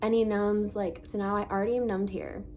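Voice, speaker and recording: Woman vlogger, swollen face, casual storytelling, lots of filler words, mid-pitched. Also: flat delivery, a little fast, a little mellow, slight background noise, low-quality recording. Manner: chatty, frequent "like" fillers; earnest, faith-minded reflection. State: swollen face, talking through dental pain.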